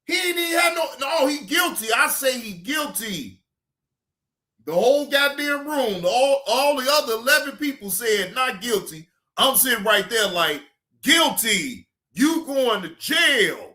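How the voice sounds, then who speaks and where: A man hosting a casual reaction stream, ranting in an animated, emphatic and joking way. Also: very high voice, normal speed. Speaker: streamer host.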